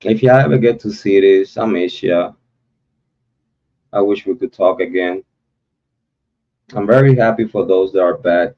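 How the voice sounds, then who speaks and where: Slow, deep-voiced man rambling on a stream. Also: darkish tone, muffled recording. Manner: loose, repetitive, heartfelt slang-filled rambling. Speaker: true crime livestream host. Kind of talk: casual livestream chat with viewer shout-outs.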